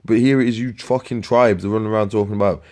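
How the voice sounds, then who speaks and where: A man preaching scripture in a profane, scornful rant, with slang, repeated words and sudden loud outbursts. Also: lowish voice, fairly even intonation, fast. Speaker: street preacher.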